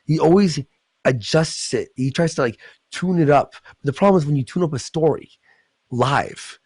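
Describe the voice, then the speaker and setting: A man hosting a livestream, ranting in a rambling, profane, excitable way. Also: a little high, normal speed, slightly rough, no room sound. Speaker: livestream host. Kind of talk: casual livestream chat.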